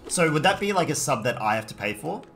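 A man with an Australian accent streaming a game live, reading chat aloud and reacting in sudden high yelps. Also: sing-song, fast, fairly bright tone, soft background music.

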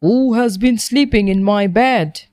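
A cross, gruff father bear from a bedtime storybook growls his questions slowly, played by a woman reading aloud. The recording is dry and close. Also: mid-range voice, a little mellow, no echo, natural voice. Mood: growling.

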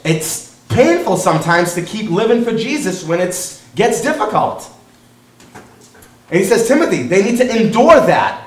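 A male pastor preaching a sermon, animated and quick to act out the voices of other people. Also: high-pitched, roomy sound, recorded from a distance, low-quality recording.

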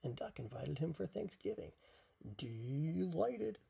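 A parent reading a picture book aloud at bedtime, softly and half-whispered. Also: mid-range voice, lively intonation, vocal fry, husky. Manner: soft, half-whispered, unhurried.

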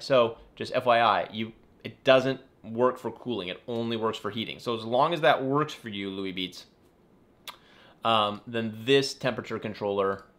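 An aquarium YouTuber answers viewer questions on a casual live stream from his house in the California desert. His voice is fairly low and a bit bright, and he's chatty and meandering, frequently apologizing and correcting himself.

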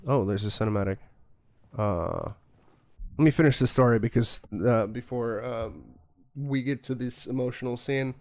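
A man's voice: medium pitch, moderate pace, darkish tone, dry recording, studio quality. Guy streaming a game, rambly jokey chat, swears a lot, medium voice. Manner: rambling, joking, profane. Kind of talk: casual gaming commentary.

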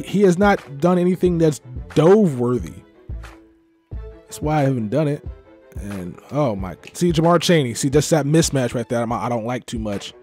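A young gaming YouTuber from Texas commentating his own football video game match, sliding between low muttering and frustrated outbursts. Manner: swings from muttering to frustrated yelling. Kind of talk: live gameplay commentary.

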